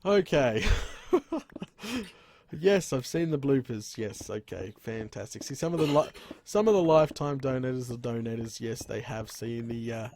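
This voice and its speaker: An Australian man chatting on a casual gaming live stream at home, rambling, laughing often and exclaiming "crikey" into a boom arm microphone. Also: expressive, normal speed, a little mellow, a little hiss or hum. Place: room at home.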